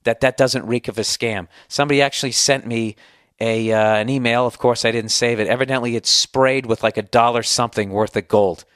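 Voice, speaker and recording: A man's voice: medium pitch, steady tone, a little fast, a bit bright, clear, resonant tone, dry recording, studio quality. A middle-aged man with a Boston accent hosting a podcast, delivering a sarcastic, profane, heated rant. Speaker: podcast host. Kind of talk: ranting monologue.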